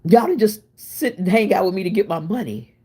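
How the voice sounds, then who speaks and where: A woman hosting a casual cooking livestream, chatty and expressive, laughing and answering her viewers while she cooks in her home kitchen. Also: mid-range voice, brisk, breathy edge. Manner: chatty and expressive, laughing and talking back to chat. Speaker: livestream host.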